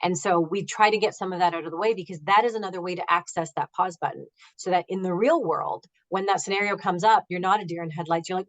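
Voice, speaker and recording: A woman's voice: on the low side, quick pace, rough recording. A woman negotiation expert giving emphatic advice in a conversational interview over a video call, acting out what her clients say. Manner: energetic, emphatic, acts out client quotes. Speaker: negotiation expert and author, guest.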